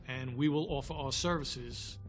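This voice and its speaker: A man's voice: medium pitch, normal speed, faint music behind. A man who is a former police officer, soberly recounting his past in a documentary interview.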